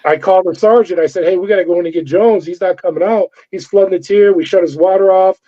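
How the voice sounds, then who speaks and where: With a high-pitched voice and fast delivery, a middle-aged former corrections officer tells an interview story. He acts out the other people's voices in an animated way. The sound is lo-fi and dull.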